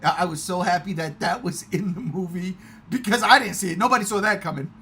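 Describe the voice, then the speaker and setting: A man chatting casually in a movie review, excitable and swearing often. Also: high voice, fast, a little hiss or hum. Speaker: podcast host.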